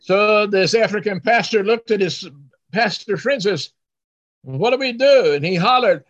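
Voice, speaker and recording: A man preaching a story in short phrases for an interpreter, animated, acting out the voices of the people in his story. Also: high-pitched, normal speed. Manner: animated, acts out hollering voices. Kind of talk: sermon storytelling with live interpreter. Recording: dull lo-fi sound.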